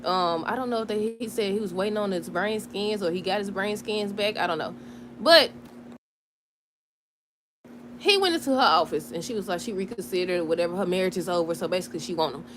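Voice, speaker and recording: A woman in casual chat recapping a soap opera episode, animated, laughing and talking back to the characters. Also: mid-range voice, brisk, background noise. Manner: chatty, talks back to the characters.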